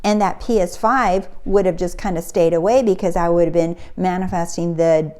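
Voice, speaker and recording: A woman's voice: fairly low pitch, steady tone, normal speed, a little mellow, clear, resonant tone. Middle-aged woman telling a story casually. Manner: storytelling, acts out quotes. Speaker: spiritual coach. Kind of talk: casual motivational talk.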